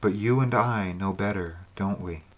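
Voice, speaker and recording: A man reading the lines of a young woman's ghost, once burned as a witch, in a soft, intimate, pleading way. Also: low-pitched, moderate pace. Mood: sorrowful.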